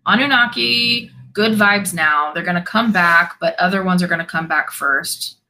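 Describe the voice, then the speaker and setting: Bright-voiced woman chatting on a live stream. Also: fairly low pitch, moderate pace, slight background noise, rough recording. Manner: chatty, laughs often, reacts to chat comments. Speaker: host of a spiritual live stream. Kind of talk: casual live-stream Q&A, reading chat.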